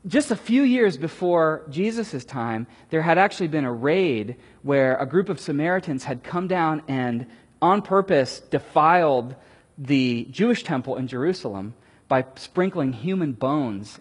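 A man preaching with a lively, storytelling delivery, his pitch leaping around as he talks. His voice is husky and a bit raised. A long hall reverb hangs behind everything he says. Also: a little slow. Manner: lively, conversational, animated storytelling. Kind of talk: sermon.

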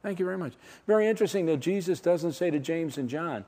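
A man preaching a sermon, emphatic and dramatic, swinging from loud declarations to hushed, slow words. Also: on the high side, expressive. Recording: long hall reverb.

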